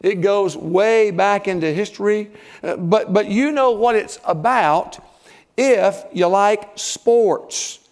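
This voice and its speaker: An older man preaching a sermon as pastor, animated, with sudden loud bursts and hushed asides. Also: sits high, slow.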